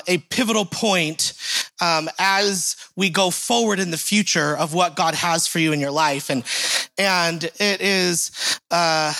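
A man in his thirties giving a relaxed, joking church welcome full of fillers, then praying in a repetitive, rhythmic cadence. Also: high voice, gravelly. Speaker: church speaker giving welcome and opening prayer. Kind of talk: casual church greeting and spoken prayer.

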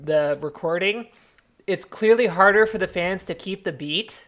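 A woman's voice: fairly low pitch, unhurried, fairly bright tone. A woman co-hosting a casual podcast chat, joking and chatty. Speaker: podcast co-host.

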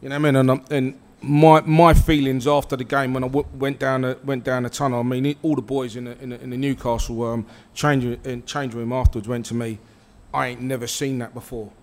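A man's voice: mid-range voice, level tone, brisk, hardly any pauses. A man, a former footballer telling a story on stage with many restarts and easy laughter. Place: live event with an audience.

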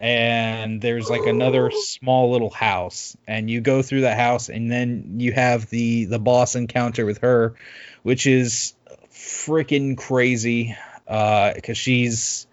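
A man's voice: mid-range voice, steady tone, a little hiss or hum. Rambling man with muffled sound. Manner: rambling, halting, many fillers and restarts. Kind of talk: casual chat recapping a video game.

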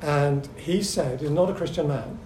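A middle-aged man speaking at a seminar, telling anecdotes in a lively but hesitant way, full of ums and restarts. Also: on the high side, moderate pace. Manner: lively storyteller. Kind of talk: anecdotal talk to a seminar audience. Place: echoey meeting room. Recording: echoey room with faint hum.

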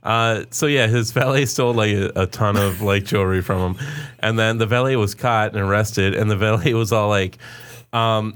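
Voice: medium pitch, fairly even intonation, normal speed, clear, resonant tone. A podcast co-host telling a story in a loose, laid-back way, with laughs and filler words. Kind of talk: casual storytelling.

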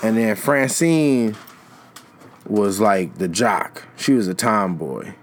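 A man's voice: lowish voice, lively intonation, takes it slowly. A young man chatting casually in a rambling, slangy way, trailing off and restarting his thoughts. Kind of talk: casual chat.

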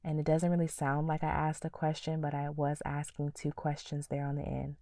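Woman podcast host, low mellow voice, earnest faith teaching with whispered prayers, dry sound a little off the mic. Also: monotone, fairly quick, no echo, far from the mic.

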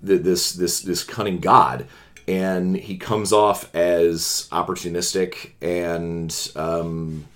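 A man co-hosting a casual film review chat, animated and opinionated, swearing freely and restarting sentences. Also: low-pitched, slow. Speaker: podcast co-host.

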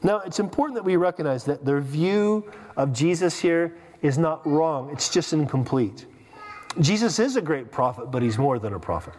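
A man's voice: on the high side, expressive, moderate pace, darkish tone. A man preaching a sermon as pastor, emphatic, with rhetorical questions and repeated words. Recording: long reverb of a hall.

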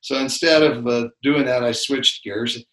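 A man's voice: mid-range voice, steady tone, unhurried, a bit bright. Older man telling rambling stories, roomy sound. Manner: rambling storyteller with many restarts and fillers. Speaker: podcast co-host. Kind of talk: casual faith podcast chat.

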